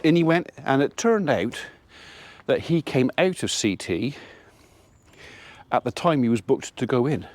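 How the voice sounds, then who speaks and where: A man's voice: medium pitch, very animated, a little slow, pauses often, a little mellow, no echo. A man, a farmer, chatting casually to camera as he tells a rambling story about his day. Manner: chatty, rambling anecdote with quoted dialogue. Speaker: farmer vlogger.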